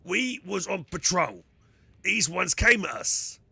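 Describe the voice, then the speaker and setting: A man voicing a hulking, dim-witted male ogryn soldier, speaking slowly and simply while reading game dialogue aloud. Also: high voice, very animated, creaky, pushed and bright, slightly rough, no room sound, voice pushed up, heavily acted. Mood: plodding. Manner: slow, simple, stubborn speech.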